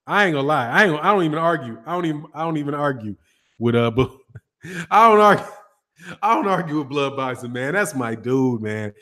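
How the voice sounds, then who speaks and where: High-voiced Chicago man chatting on a stream. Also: animated, brisk, pushed and bright. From Chicago, North Side. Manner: loose slangy talk, greets chat by name. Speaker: boxing channel host. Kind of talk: casual live stream chat.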